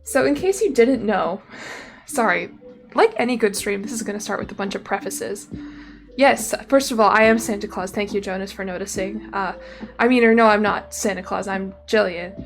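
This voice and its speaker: Slightly breathless, this young streamer talks chattily on a livestream, rambling and interrupting herself mid-sentence. Her medium-pitched voice runs at normal speed into a desk mic with no camera, and faint music plays behind her.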